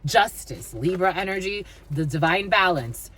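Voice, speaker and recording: A woman's voice: on the low side, expressive, a little slow, fairly bright tone. A woman giving a blunt, profane tarot reading to her viewers, scolding and swearing freely. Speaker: tarot reader. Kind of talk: spiritual reading monologue.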